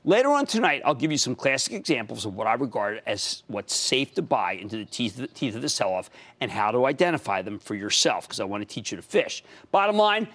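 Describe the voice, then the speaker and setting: A man with a Pennsylvania accent hosting a stock market show, emphatic and excitable, breaking into shouts of enthusiasm. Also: medium pitch. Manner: emphatic, shouts bursts of enthusiasm, fast and animated. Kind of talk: excitable financial commentary.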